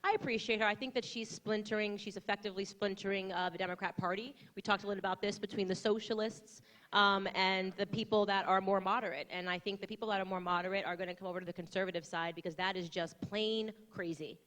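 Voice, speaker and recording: A young woman speaking on a stage panel, animated and jokey, with mocking asides. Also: medium pitch, quick pace. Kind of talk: lively stage talk with a crowd.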